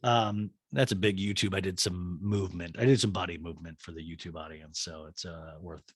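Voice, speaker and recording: A man's voice: fairly quick, breathy edge, no room sound, clean studio sound. A young adult man casually recapping a reality show, acting out the cast's lines in exaggerated voices. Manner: animated, acts out quotes in exaggerated high voices.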